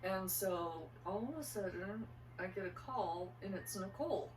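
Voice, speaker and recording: A woman's voice: mid-range voice, measured pace, slight background noise. Older woman telling family stories, roomy. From eastern Idaho. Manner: animated, acts out her own panicked quotes. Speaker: interviewee, mother. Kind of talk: casual storytelling. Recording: roomy and distant.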